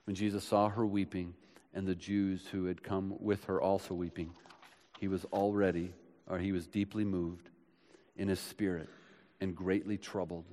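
A man preaching a sermon as pastor, swinging from loud urgent builds to soft hushed passages, recorded in a church. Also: sits low, flat delivery, moderate pace. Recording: long hall reverb.

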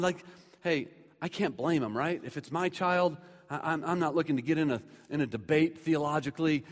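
A man preaching a sermon in a conversational way, moving between loud, emphatic stretches and hushed ones. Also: fairly high pitch, normal speed, big-room sound. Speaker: pastor.

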